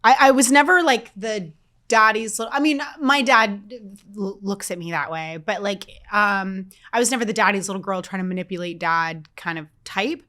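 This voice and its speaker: A woman in her thirties, a podcast co-host, telling a story in casual chat, animated and self-mocking, swearing freely. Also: medium pitch, normal speed.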